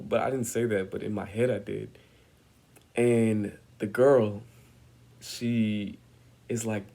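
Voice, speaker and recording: A man's voice: medium pitch, takes it slowly, creaky, mellow. A young man telling a personal story in a vlog, acting out the voices of the people he quotes with lots of energy. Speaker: vlogger.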